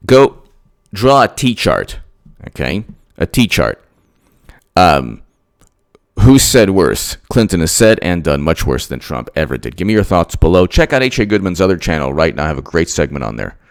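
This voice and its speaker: A man's voice: sits low, sing-song, moderate pace. A man giving emphatic political commentary straight to his audience, repeating himself and firing off rhetorical questions.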